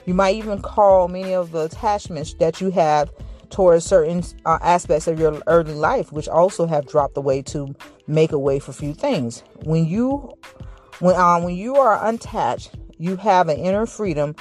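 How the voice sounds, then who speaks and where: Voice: mid-range voice, moderate pace, darkish tone, faint music behind. A vlogger giving a casual, reflective motivational talk to viewers, rambling with frequent restarts and a slight stutter. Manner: says they stuttered in school.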